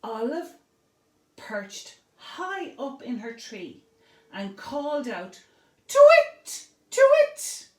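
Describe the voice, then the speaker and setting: A woman's voice: fairly high pitch, animated, roomy sound, distant mic. A woman reading a picture book aloud to preschool children, asking them questions and praising their answers. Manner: slow, sing-song, asks children questions and praises them.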